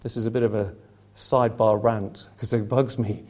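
A man's voice: lowish voice, little pitch movement, moderate pace, a little mellow. A man preaching a sermon, impassioned and rhetorical, slipping into mocking asides.

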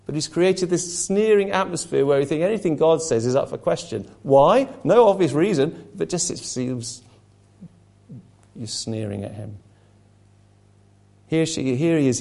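A man's voice: fairly high pitch, big pitch swings, normal speed, vocal fry, dark tone. A man preaching a sermon, impassioned and rhetorical, slipping into mocking asides.

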